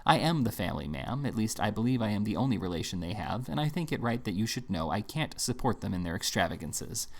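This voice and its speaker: A man reading as a curt, stern older gentleman. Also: fairly low pitch, very animated, fast, vocal fry, few pauses, heavily acted. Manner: curt and cold. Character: blunt, stern older male moneyed relative. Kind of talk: audiobook reading.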